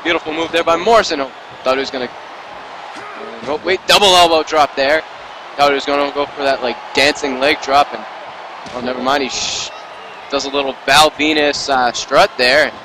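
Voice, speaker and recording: A man calling wrestling play-by-play in an excited, rambling amateur style, full of asides and self-corrections. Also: on the high side, moderate pace, a crowd in the background, noisy background. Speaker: play-by-play commentator.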